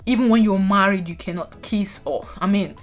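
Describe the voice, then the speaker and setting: A Nigerian woman vlogging casually, chatting to viewers with animated asides. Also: medium pitch, moderate pace, faint music behind. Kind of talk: casual talking-head vlog.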